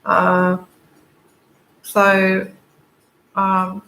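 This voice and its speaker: A woman giving a tarot reading to camera, tearful and crying, talking haltingly with many fillers and restarts. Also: mid-range voice, monotone, bright, forceful tone. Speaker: tarot reader. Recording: echoey room, faint background noise.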